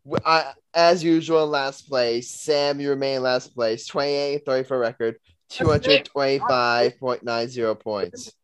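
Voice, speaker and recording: A man's voice: mid-range voice, fairly even intonation, moderate pace, hardly any pauses. Young man hosting a sports betting recap. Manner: reads out bet results and standings, upbeat. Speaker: podcast host. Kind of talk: casual sports podcast chat.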